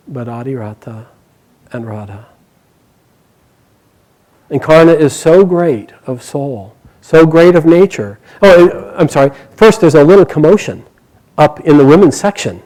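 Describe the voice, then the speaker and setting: A man telling an epic story live, animated and dramatic, sometimes correcting himself. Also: medium pitch, rough recording.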